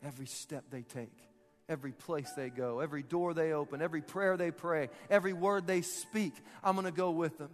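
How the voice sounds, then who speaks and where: A man's voice: a little high, steady tone, brisk, big-room sound, soft background music, voice pushed up, natural voice. A man preaching voices a casual male savior figure, slangy and laid-back, building to earnest declarations. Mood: fervent. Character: casual, warm male savior figure, calm then fervent.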